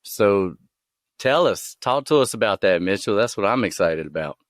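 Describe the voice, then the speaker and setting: A man co-hosting a podcast sounds upbeat and encouraging as he brings in the guest. His voice runs somewhat low. The sound is dry and close to the mic. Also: lively intonation, normal speed, no echo. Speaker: podcast co-host. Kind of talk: casual podcast interview.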